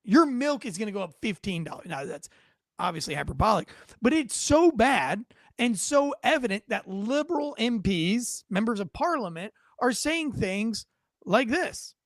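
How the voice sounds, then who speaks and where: A man's voice: sits high, sing-song, normal speed, no room sound, studio quality. An American man hosting a political commentary show, talking in a brash, profane, sarcastic way and mocking others in put-on voices. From United States.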